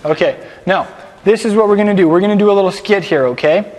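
High-voiced man teaching a Bible class in a hall. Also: fast. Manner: lively, directs the group, explains scripture casually. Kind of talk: sermon with a class skit.

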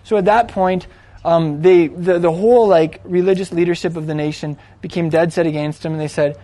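A man with a high voice retells an old story as if talking to friends. He speaks loosely, full of fillers and restarts, and gives the characters' lines a little voice of their own. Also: brisk, dark tone, no echo. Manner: conversational, filler-heavy, acts out quoted lines. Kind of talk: casual retelling of a Bible story.

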